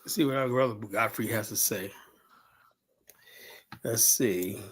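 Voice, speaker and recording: A man's voice: on the low side, measured pace, fairly bright tone, breathy edge. A male host in casual chat, reacting to videos and musing aloud.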